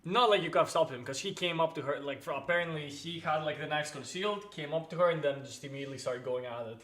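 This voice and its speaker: A man chatting casually on a stream, telling animated stories and laughing often. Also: a little high, fast talker.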